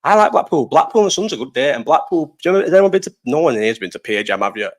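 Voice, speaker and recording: Racing along in a fairly high, very animated voice, a young man from Bolton hosts a live stream. With his Lancashire accent he rambles casually, replies to the live chat, and swears and laughs a great deal.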